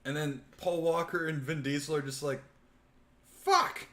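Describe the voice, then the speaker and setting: A young man hosting a live podcast, casually chatting and excitedly retelling a movie with lots of swearing. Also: a little high, fairly quick. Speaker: podcast host. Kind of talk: casual chat on a live stream.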